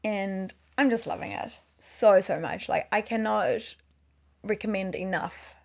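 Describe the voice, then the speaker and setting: A woman's voice: medium pitch, unhurried, creaky. A woman, rambling and correcting herself in casual chat about her video work. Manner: chatty, rambling, self-correcting. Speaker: video maker.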